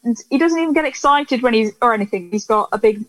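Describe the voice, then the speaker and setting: A woman's voice: fairly high pitch, expressive, fast talker, a bit bright, dry recording, rough recording. A woman co-hosting a podcast, chatting casually and hesitantly with lots of fillers and restarts. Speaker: podcast co-host. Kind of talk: casual chat about an old TV series.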